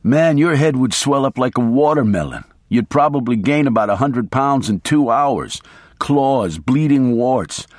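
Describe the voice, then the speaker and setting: A man voicing a reckless, foul-mouthed male lawyer who talks in a slow, blunt, emphatic way. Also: medium pitch, animated, a little mellow, dry recording, studio quality. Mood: boasting. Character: wild-talking male lawyer, reckless and coarse.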